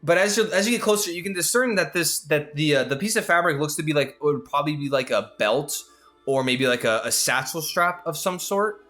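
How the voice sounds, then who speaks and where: A man's voice: on the high side, a little fast, pushed and bright, faint music behind. A young man running a tabletop game as game master, describing scenes casually with many fillers and restarts. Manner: casual, rambling narration full of fillers.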